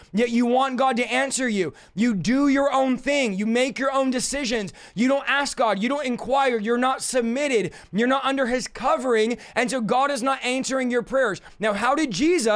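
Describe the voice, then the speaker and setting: Loud, high-voiced male preacher. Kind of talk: sermon.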